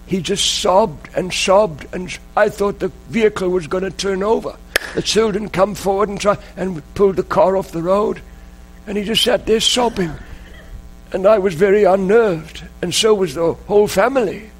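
A man preaching a sermon, telling a story in an earnest, emotional way with dramatic pauses. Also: high voice, low-quality recording.

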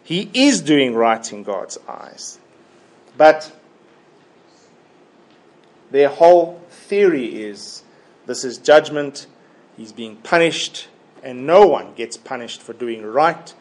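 A man preaching a Bible sermon in a deliberate, emphatic way, often repeating his key phrases. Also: mid-range voice, expressive.

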